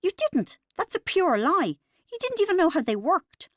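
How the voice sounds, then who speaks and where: A woman voicing a defensive Irish wife in an audiobook, with a posh put-on accent and a shrill voice. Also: big pitch swings, normal speed, no echo, clean studio sound.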